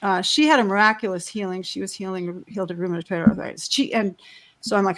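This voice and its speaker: A woman's voice: medium pitch, a little fast. Rambling, heartfelt woman on a video call. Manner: rambling and heartfelt, with frequent restarts. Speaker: panelist. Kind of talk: candid personal sharing.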